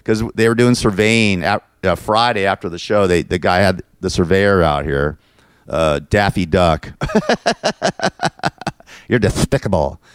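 Low-voiced guy ranting on and on, smooth clear voice, dry close sound. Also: moderate pace, dry recording. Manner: frustrated, repetitive, venting. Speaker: show host. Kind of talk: casual rambling monologue.

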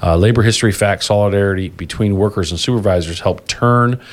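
Low-voiced man rambling through a union show. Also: fairly quick. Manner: rambling, self-correcting, laughs easily. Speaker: union podcast host. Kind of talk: casual podcast chat.

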